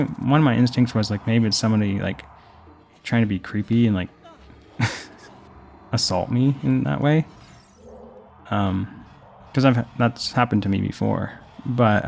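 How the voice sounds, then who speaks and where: A man's voice: lowish voice, vocal fry, darkish tone. A young adult man casually commenting on a video game while telling rambling personal stories, with game music underneath. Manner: rambling storytelling while playing. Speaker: gaming host. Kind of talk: casual let's play commentary.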